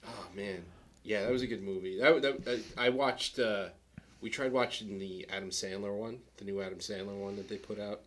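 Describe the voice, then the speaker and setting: Easygoing low-voiced podcast co-host. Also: male voice, fairly even intonation, normal speed. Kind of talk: casual chat.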